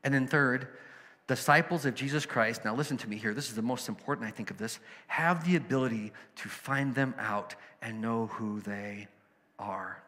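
A man's voice: medium pitch, normal speed, pushed and bright, big-room sound. A man preaching a sermon as a pastor, conversational and storytelling, with emphatic asides.

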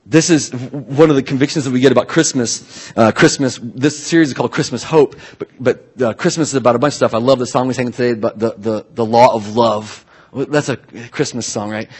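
Brief: male pastor, husky voice, conversational sermon with sudden loud bursts. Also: mid-range voice. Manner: casual, animated preaching with restarts and bursts of shouting.

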